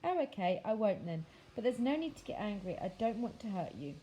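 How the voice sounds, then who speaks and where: A woman's voice: medium pitch, sing-song, mellow, slight background noise, close to an everyday voice, low-quality recording. Woman reading as an eager young boy. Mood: pleading. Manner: quick, earnest pleading. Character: eager, polite young boy, fascinated and earnest.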